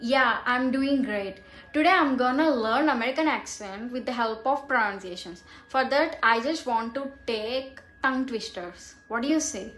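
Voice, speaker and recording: Woman vlogging her accent practice, slightly high voice, talks slow and careful, echoey room, bit of hiss. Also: a bit bright. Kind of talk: casual pronunciation practice vlog. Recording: echoey room with faint noise.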